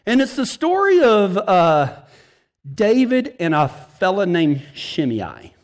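A man's voice: high voice, huge pitch swings, slow. A man preaching a sermon, telling folksy, joking stories and laughing at his own punchlines. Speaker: pastor. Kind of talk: storytelling sermon.

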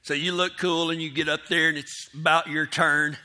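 Bright-voiced man telling cowboy stories. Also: fairly high pitch, level tone, normal speed. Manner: rambling and self-mocking, acts out his inner voice in quotes. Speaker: storyteller speaking to an audience. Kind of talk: casual storytelling.

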